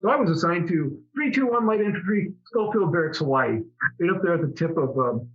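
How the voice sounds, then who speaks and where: A man's voice: high-pitched, animated, a little fast. Chatty middle-aged man with muffled sound. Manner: chatty, rambling, many restarts. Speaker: interview guest, former fighter pilot. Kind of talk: casual storytelling interview.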